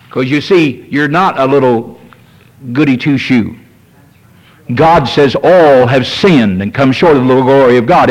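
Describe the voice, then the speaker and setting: An older man preaching a sermon as pastor, earnest and repetitive, pushing higher as he stresses a point. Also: rough recording.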